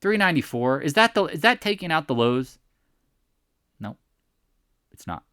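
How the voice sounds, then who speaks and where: A man's voice: fairly high pitch, sing-song, normal speed, a bit bright, clear, resonant tone, dry recording, clean studio sound. A man hosting a casual daily stock market recap, joking and sarcastically mocking imagined viewers. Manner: sarcastic, mocks imagined viewers in put-on voices. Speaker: stock market video host.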